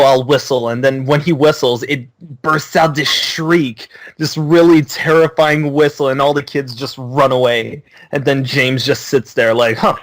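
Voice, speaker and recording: A man casually pitching a short holiday story, offhand and full of fillers. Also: no echo, low-quality recording.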